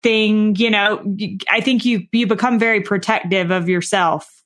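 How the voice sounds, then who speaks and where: A young woman hosts a conversation, framing her questions carefully and pausing to find her words. Her voice has a medium pitch and an easy, conversational tone. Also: fairly even intonation, a bit bright. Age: young adult. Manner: thoughtful, searching for words. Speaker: podcast host. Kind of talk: interview questions.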